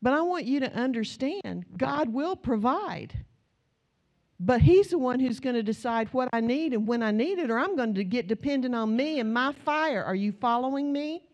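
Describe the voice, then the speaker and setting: Woman preaching a lively, conversational sermon. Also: high voice, normal speed, dull audio. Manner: storytelling, conversational, rising to emphatic repetition.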